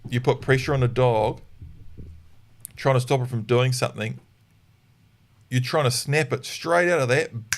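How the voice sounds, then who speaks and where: A man with a voice of ordinary middle pitch, hosting a live dog-training Q&A. He explains things in a practical way and now and then snaps out a sharp command as he would say it to a dog. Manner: demonstrates sharp corrective commands. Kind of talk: live Q&A podcast.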